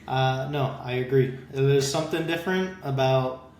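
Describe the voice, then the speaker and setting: A man of middle pitch trading relaxed, agreeable remarks and dry jokes in casual chat. The room is echoey, with faint noise underneath. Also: normal speed. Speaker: podcast co-host.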